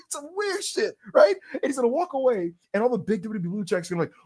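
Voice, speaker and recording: A man's voice: extremely high pitch, rapid-fire, hardly any pauses. A man co-hosting a wrestling podcast, ranting in a casual, profane and exaggerated way. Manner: animated, profane, exaggerated storytelling. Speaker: podcast co-host.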